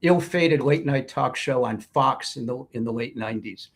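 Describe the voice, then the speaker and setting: A man, a writer and producer guest, telling anecdotes in an interview with an animated manner. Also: mid-range voice, moderate pace. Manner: animated storyteller.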